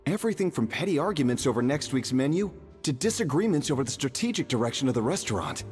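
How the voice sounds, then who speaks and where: A man's voice: mid-range voice, big pitch swings, fast, darkish tone, faint music behind, lightly acted. An actor playing a knowledgeable man in a video game, explaining in an earnest way.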